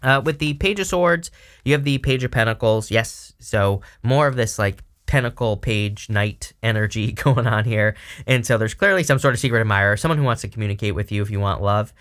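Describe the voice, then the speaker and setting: A man's voice: lowish voice, fairly quick, a bit bright. A man hosting his own channel, giving a casual tarot reading in a meandering, conversational way with asides to his viewers. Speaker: tarot reader, channel host.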